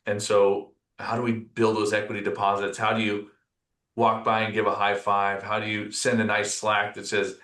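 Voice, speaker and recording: A man's voice: lowish voice, moderate pace. Reflective man in an echoey room. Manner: reflective, storytelling, animated when quoting others. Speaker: podcast guest, company executive. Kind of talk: casual conversational interview.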